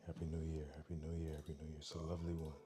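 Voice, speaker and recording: A man hosting a casual livestream, talking softly and quietly into a microphone worn on his neck. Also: very deep voice, monotone, racing. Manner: soft, quiet, chill talk, reading chat aloud. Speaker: livestream host.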